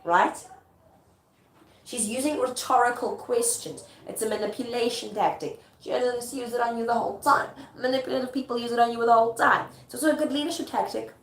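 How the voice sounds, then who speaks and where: A woman teacher explaining Shakespeare in a casual, chatty lesson, often checking that her listener follows. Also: fairly high pitch. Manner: chatty, checks understanding with quick asides. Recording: echoey room with faint ambience.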